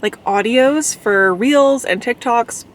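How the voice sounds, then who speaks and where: A woman's voice: fairly high pitch, slow pace, a little hiss or hum. Chatty Canadian woman vlogging. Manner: chatty, giggly, relaxed. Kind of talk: casual vlog chat. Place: in a car and outdoors at an orchard.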